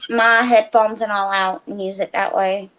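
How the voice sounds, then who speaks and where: A woman from Alabama with a Southern accent, chatting as a guest over her cell phone, quick and easygoing. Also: mid-range voice, flat delivery, a bit bright, lo-fi sound. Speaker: panel guest. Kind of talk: casual chat.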